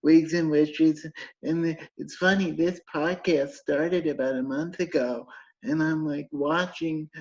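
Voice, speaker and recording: Male podcast host, halting and unhurried, dull lo-fi audio. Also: on the high side, fairly even intonation. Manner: halting, with many restarts. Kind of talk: casual podcast interview.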